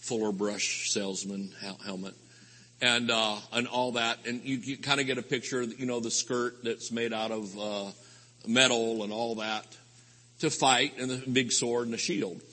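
A man preaching a rambling, folksy sermon with sudden loud outbursts at a live convention. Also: medium pitch, steady tone, moderate pace. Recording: live hall recording with long reverb.

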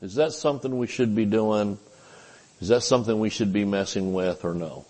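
A man's voice: lowish voice, moderate pace, mellow. An older man preaching a sermon at a Bible study, folksy and chuckling, acting out little voices as he goes. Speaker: pastor. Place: church.

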